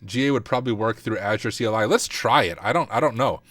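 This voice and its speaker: Male streamer, lowish voice, mutters and thinks aloud through a live lab, keyboard clatter behind. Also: quick pace, a bit bright, no room sound. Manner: thinks aloud, self-deprecating, mutters while typing. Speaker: cybersecurity streamer. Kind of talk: casual livestream walkthrough.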